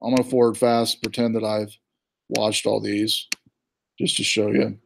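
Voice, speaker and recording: A man's voice: lowish voice, unhurried, vocal fry, slight background noise. A male college instructor with a Southern US accent, talking casually through an online course site with chatty asides. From born in New York, raised in the US South. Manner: relaxed and chatty, with fillers and asides. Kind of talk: casual screen-share walkthrough.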